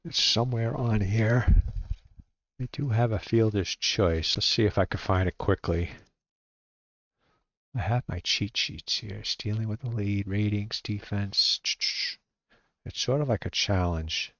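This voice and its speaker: A man talks his way through a solo tabletop baseball game, reading out dice numbers and stopping now and then to check his sheets. He speaks in a relaxed, halting way, muttering half to himself. The recording is dry and somewhat muffled, with no room sound. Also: fairly low pitch, no echo. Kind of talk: casual play-by-play while rolling dice.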